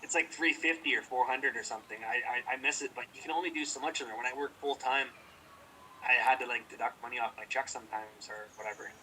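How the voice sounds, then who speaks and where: A man's voice: mid-range voice, steady tone, fast talker, bright, forceful tone, distant mic, a little hiss or hum, rough recording. A young man co-hosting a podcast, telling a rambling story in casual chat, profane and heated. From British Columbia, Canada. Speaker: podcast co-host.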